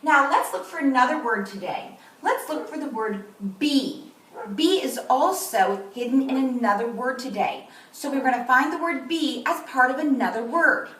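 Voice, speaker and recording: A woman teaching kindergarten, who talks slowly and clearly to young children and sounds out and repeats words. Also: high voice, lively intonation, a bit bright. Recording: roomy echo, voice from a distance, faint noise.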